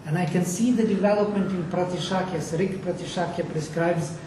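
A man's voice: sits high, steady tone, mellow. Passionate man chanting in an echoey room. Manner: passionate, chants verses slowly. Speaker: Sanskrit teacher. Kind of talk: lecture with chanted Vedic recitation. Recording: echoey room, far from mic, faint noise.

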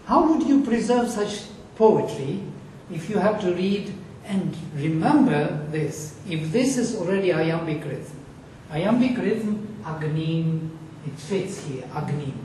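Slow, mellow-voiced male lecturer. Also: sits high, lively intonation, slight background noise. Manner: explanatory, asks the class questions; chants Sanskrit words slowly. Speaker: teacher. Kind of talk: lecture on Sanskrit accent. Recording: echoey room, distant mic.

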